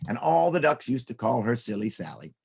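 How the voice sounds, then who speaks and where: Gravelly husky guy telling silly kids stories, super lively, does sound effects. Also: mid-range voice, brisk. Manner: playful, animated, with sound effects and character voices. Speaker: children's storyteller. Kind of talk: storytelling for children.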